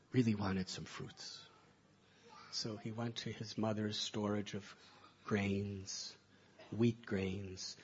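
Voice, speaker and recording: A man telling devotional stories as a spiritual teacher, soft-spoken, with slow, drawn-out phrasing. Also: medium pitch, muffled recording, a little hiss or hum. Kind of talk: devotional storytelling talk.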